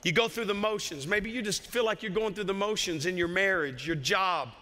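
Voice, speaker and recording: High bright Southern pastor in reverberant hall. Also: male voice, fairly quick. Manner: impassioned, joking asides, bursts of raised voice. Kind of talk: sermon. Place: church sanctuary. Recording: long church hall reverb.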